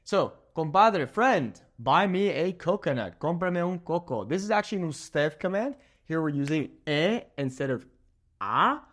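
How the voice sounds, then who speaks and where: Upbeat young male language teacher, a native English speaker, speaking slightly high with lots of melodic rise and fall. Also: expressive, a bit bright. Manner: upbeat, slows down to spell out words, checks in with "okay?". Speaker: Spanish teacher. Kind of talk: energetic language lesson.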